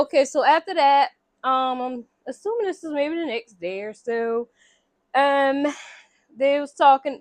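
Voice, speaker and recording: Woman, high voice, relaxed storyteller at home, animated and acts out every line, dry close mic. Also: no room sound. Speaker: vlogger recapping a movie. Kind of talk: casual storytelling chat. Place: home room near a window.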